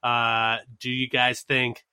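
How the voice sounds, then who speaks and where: Bright-voiced man moderating a panel. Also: medium pitch, completely flat delivery, slow, clear, resonant tone, no room sound, clean studio sound. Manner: rambling, many fillers. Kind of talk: casual political discussion.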